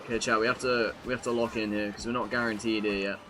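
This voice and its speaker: A man's voice: fairly low pitch, little pitch movement, quick pace, over music. A young British man live-streaming a racing game, chatting casually to his viewers and swearing freely as he plays. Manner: chatty, swears freely, talks to chat while playing.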